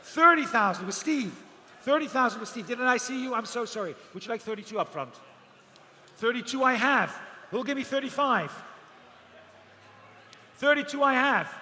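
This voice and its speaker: A man's voice: very high-pitched, sharp tone. A man calling bids as an auctioneer, rattling off figures over and over with the odd joking aside. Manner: rapid repetitive bid calling, joking asides. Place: outdoor auction event. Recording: long reverb, faint background noise.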